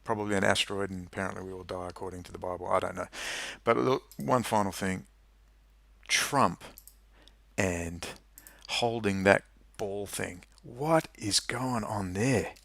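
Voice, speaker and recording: A man's voice: sits low, unhurried, gravelly, a bit bright, no echo. A man delivering a rambling, emphatic and indignant political monologue to camera. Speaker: political commentator.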